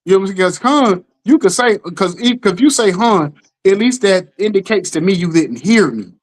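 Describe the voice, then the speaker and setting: A middle-aged man hosting a casual podcast chat, telling animated stories and acting out the quotes. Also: sits high, a little fast, rough recording. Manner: animated storytelling, acts out quotes, keeps asking "you know what I'm saying". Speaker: podcast host.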